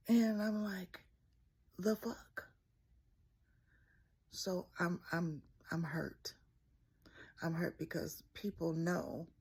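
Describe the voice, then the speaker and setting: Husky gravelly woman telling a story. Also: lowish voice. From Mississippi, US. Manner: candid, emphatic, profane storytelling. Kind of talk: personal storytelling.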